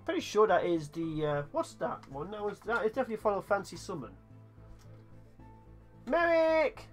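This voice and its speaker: A male streamer in casual gaming chat, ribbing his friends with dry sarcasm. His pitch swings widely as he talks, with faint game music underneath. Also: expressive, fast talker. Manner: teasing, sarcastic.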